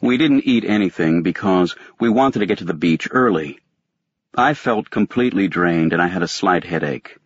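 Low husky male audiobook narrator. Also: lively intonation, no echo, dull audio. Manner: measured, detached first-person reading. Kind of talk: scripted narration.

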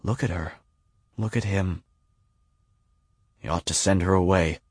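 A man voicing hushed grown-up gossips, murmuring low and confiding. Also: a little slow, slightly rough, no room sound, clean studio sound. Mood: pitying.

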